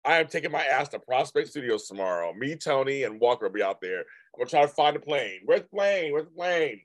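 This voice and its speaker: A man's voice: mid-range voice, expressive, fast, no room sound. Rambling chatty man hosting a livestream. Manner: rambling, repeats himself, chatty asides to viewers. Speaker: livestream host. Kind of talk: casual live-stream chat reading viewer comments.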